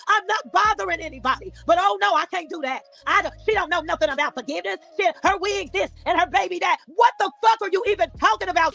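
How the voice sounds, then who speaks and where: A woman ranting angrily on a livestream, cursing, shouting and pleading through tears. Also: extremely high pitch, creaky. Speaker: YouTuber in played clip. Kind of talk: angry livestream rant.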